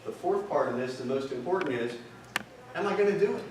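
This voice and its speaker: A man's voice: a little high, animated, a little fast, noisy background. Man lecturing in an echoey hall. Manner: fires rhetorical questions at the audience. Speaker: seminar presenter. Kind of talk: marketing seminar lecture. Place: hotel conference room. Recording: echoey hall, distant mic, audience present.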